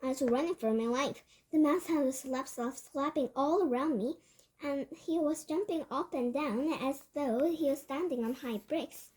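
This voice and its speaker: A woman reads a children's novel aloud in the first person, her voice high and light. She tells it with a lively storytelling lilt, now and then stumbling and restarting a phrase. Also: normal speed. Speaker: book reader.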